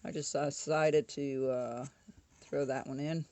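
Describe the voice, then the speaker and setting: A woman's voice: very deep voice, steady tone, slow pace, darkish tone. A woman casually talking through a woodcarving tutorial at home, chatty and often correcting herself. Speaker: woodcarving instructor.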